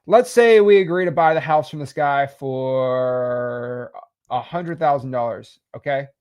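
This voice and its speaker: A man casually teaching real estate wholesaling while sketching, animated and salesy. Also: mid-range voice, unhurried, clean tone. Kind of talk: casual whiteboard explainer.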